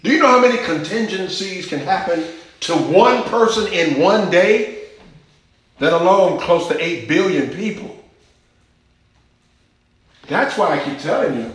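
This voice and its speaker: A man's voice: high voice, lively intonation, unhurried, long pauses, fairly bright tone. A man preaching a sermon, teaching scripture with emphasis and asking the congregation questions. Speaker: pastor. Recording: echoey church hall.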